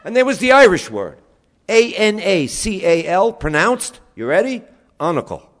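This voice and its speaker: A man with a New York accent telling animated stories to an audience, spelling out words and acting out his family's voices. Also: sits high, measured pace. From New York, USA. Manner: lively, spells words out, acts out relatives' voices. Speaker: storyteller speaking to an audience. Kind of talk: animated storytelling talk.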